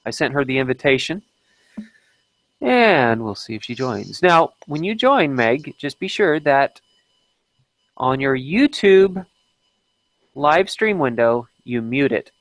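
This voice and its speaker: A man's voice: mid-range voice, sing-song, slow pace, pauses often, fairly bright tone, dry recording, poor audio. A man hosting an unplanned live stream, chatting casually and often stopping to restart his sentences.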